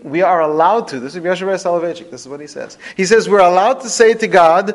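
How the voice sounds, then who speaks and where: A man teaching a religious lesson through storytelling, with expressive, dramatic shifts in pitch and loudness. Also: fast talker, few pauses. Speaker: rabbi teaching a podcast lesson.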